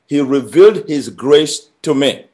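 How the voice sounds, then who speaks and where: A man preaching a sermon, emphatic, building phrases through repetition and swinging between loud and quiet. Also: fairly high pitch, a little slow. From Nigeria. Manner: emphatic, with rising and falling intensity and repeated phrases.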